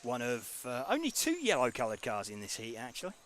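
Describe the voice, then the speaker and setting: A man with many ums and uhs, commentating on a live race and chatting in a relaxed way. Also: mid-range voice, fairly quick, a little hiss or hum.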